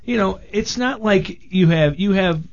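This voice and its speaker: A man's voice: high voice, unhurried, lo-fi sound. A man reviewing movies in casual radio chat, blunt and jokey.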